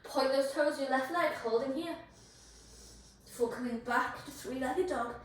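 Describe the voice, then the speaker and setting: High-voiced woman teaching yoga, out of breath, encouraging, lots of room echo, mic kinda far. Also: unhurried. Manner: encouraging, cueing poses and breaths. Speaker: yoga instructor. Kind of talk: guided yoga class instruction.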